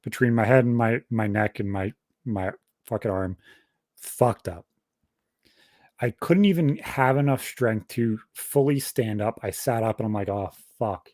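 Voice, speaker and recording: A man's voice: medium pitch, unhurried, no echo, studio quality. A young man casually telling a long story on a podcast, swearing constantly and rambling through details. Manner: profane, rambling, animated storytelling. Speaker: podcast host.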